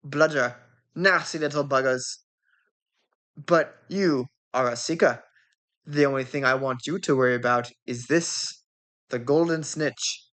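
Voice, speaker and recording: A keen young team captain walks a newcomer through the rules in a lowered voice, as a woman reads him out. He speaks slowly and evenly, with no rush. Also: a bit bright. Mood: explaining. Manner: lower-pitched, explaining step by step. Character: brisk young male sports captain, keen.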